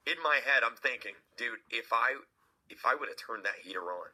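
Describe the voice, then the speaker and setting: A man's voice: lowish voice, fairly quick, pushed and bright, slightly rough, low-quality recording. A man, the host of his own channel, casually telling a story to his viewers, chatty, with many "right?" tags and restarts, and acting out the people in it. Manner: acts out the other people in the story.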